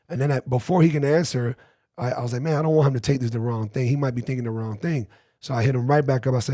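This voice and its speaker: A man's voice: mid-range voice, quick pace, no room sound, studio quality. A man hosting a podcast, telling a story in casual chat, swearing freely and acting out text messages. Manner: animated, swearing, mimics texts. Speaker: podcast host.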